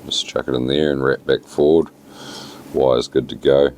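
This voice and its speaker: A man with a New Zealand accent talking casually through a fly tying tutorial, relaxed and plain-spoken with many fillers. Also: very deep voice, normal speed, a little hiss or hum.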